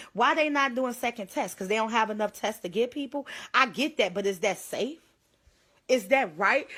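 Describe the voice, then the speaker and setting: A woman's voice: a little high, a bit bright. A young woman pleading urgently into her phone on a livestream, holding back tears. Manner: urgent, pleading, tearful at times. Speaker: livestreamer sharing her own illness.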